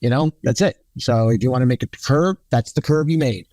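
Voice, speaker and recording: A middle-aged man chats as an interview guest, spinning anecdotes and slipping into other voices for quotes. His voice sits at an ordinary pitch, and the recording is dry and close. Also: fairly quick, mellow, no room sound. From New York. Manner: storytelling, swearing, acts out quotes. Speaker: guest cinematographer.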